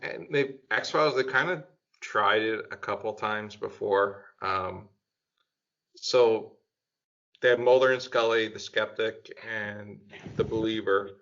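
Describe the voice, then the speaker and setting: A man's voice: fairly low pitch, slow pace, fairly bright tone. A man chatting casually on a panel, rambling with lots of fillers and getting enthusiastic. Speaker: podcast panelist. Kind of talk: casual group chat. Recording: dull lo-fi sound.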